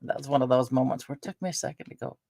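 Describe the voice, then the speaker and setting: A woman's voice: a bass voice, very fast, creaky, noisy background. An older woman chatting casually on her vlog at home, rambling with lots of fillers. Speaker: vlogger. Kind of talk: casual chat.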